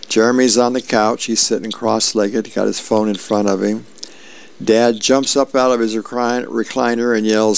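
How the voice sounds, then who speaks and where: A man's voice: fairly even intonation, normal speed. A male radio host casually reading comic strips aloud, acting out the characters' lines. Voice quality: gravelly. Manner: acts out character lines with raised pitch.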